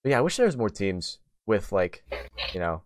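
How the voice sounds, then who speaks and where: A man's voice: fairly low pitch, big pitch swings, moderate pace, no echo, studio quality. A young man hosting a casual gaming podcast, talking in a rambling way full of "like" and restarts. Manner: rambling, many fillers and restarts. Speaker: podcast host.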